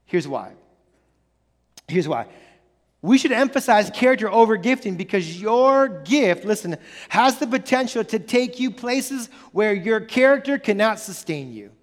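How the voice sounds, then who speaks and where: A male pastor with a strikingly high voice preaches an earnest sermon, driving his points home through repetition and frequent restarts. He is very animated yet keeps a measured pace, and his words fade into the long, ringing reverb of a large hall.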